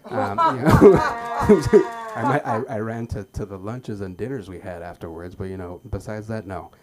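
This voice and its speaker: A man doing stand-up at an open mic, telling childhood stories with stammered starts and loud acted-out quotes. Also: fairly low pitch, very animated, moderate pace. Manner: stammering, acts out shouted quotes. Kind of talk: stand-up storytelling. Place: comedy club stage.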